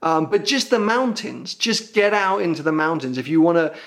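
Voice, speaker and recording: A young British man with a British accent and a slightly higher voice that is full of fry and gravel. He hosts a podcast in a loose, self-deprecating way and wanders a bit with lots of ums and uhs. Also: lively intonation, normal speed, fairly bright tone. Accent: British English. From Britain. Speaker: podcast host. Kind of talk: casual podcast chat.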